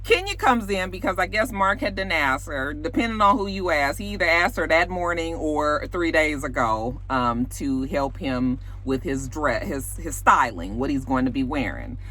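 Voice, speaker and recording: A woman's voice: low-pitched, lively intonation, moderate pace, few pauses, pushed and bright. A young adult woman giving a blunt, gossipy recap of a reality show, full of asides and swearing. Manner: sassy, blunt, gossipy, with frequent asides and profanity. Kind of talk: casual recap commentary.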